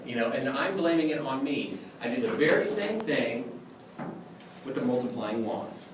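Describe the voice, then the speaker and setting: A man lecturing on clown magic and demonstrating tricks to a class in an animated, jokey way, often acting out his exchanges with kids. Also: medium pitch, a little fast. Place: lecture room. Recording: echoey room, far from the mic, background noise.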